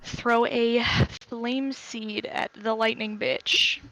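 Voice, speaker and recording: A woman's voice: on the high side, steady tone, very slow, a bit bright. A woman playing in a tabletop game, chatty and narrating her character's actions. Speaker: player.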